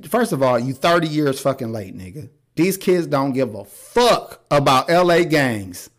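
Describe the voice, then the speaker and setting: A man hosting a podcast, talking in a casual, blunt and profane way with strong opinions. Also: fairly high pitch. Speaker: podcast host. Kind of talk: casual chat.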